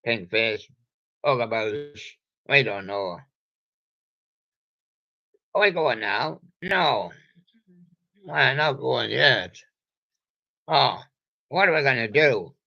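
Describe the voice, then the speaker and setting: Slow, gravelly older man. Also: mid-range voice, animated, pushed and bright, muffled recording. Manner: playful, jokey and meandering, talks to himself. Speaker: vlogger. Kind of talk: rambling solo monologue.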